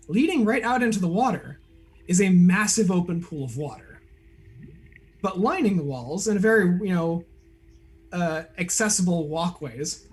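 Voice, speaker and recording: A man's voice: sits high, slightly rough. A man narrating a tabletop game as game master, describing scenes loosely with frequent "like" and "uh".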